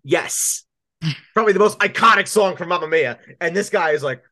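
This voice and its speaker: A man's voice: high voice, moderate pace, sharp tone, dry recording, studio quality. A man co-hosting a casual fantasy football podcast, teasing his partner in a playful way. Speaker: podcast co-host.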